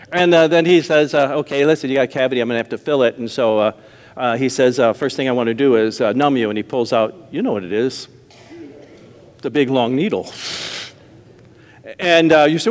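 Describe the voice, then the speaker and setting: Storytelling pastor in a reverberant hall. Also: male voice, mid-range voice, normal speed. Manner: conversational storytelling with acted-out voices and laughs. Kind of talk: sermon. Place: church sanctuary.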